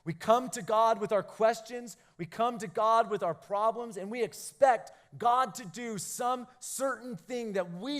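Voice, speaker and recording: A man preaching a youth sermon, animated in his storytelling, who acts out quoted lines. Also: high-pitched. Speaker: youth pastor.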